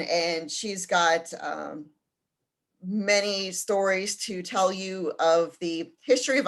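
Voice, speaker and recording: A woman with a slightly low voice presenting a study-abroad trip in a casual info session. She often stops to search for words, with frequent ums and restarts. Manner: hesitant, many ums and restarts.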